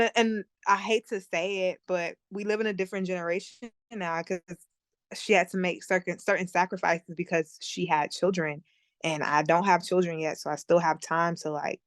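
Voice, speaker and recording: Young woman guest, low dry voice. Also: no room sound. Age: young adult. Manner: relaxed, laughs often, many "like" fillers. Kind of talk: casual interview chat.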